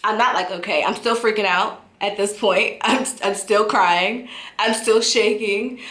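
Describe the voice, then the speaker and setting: A young adult woman telling a story time in a vlog, animated and dramatic, often breaking into laughter. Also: mid-range voice, a little slow. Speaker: vlogger. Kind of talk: casual storytelling. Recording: roomy echo.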